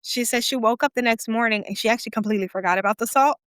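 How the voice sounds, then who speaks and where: A woman co-hosting a podcast, telling a story in a casual, animated way, acting out quoted voices with sassy asides. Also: on the high side, rapid-fire, clear, resonant tone, no echo, studio quality. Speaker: podcast co-host.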